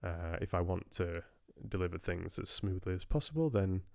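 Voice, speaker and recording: A man's voice: sits low, animated, normal speed, gravelly, a little mellow, no echo, studio quality. A male audiobook narrator hosting a live stream, chatting casually with viewers in a rambling, hesitant way and often restarting his sentences.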